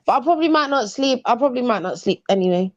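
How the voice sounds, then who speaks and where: A woman on a live panel, talking in a sleepy, drawn-out, tipsy way. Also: on the high side, animated, no room sound, highs cut off. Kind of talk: casual chat.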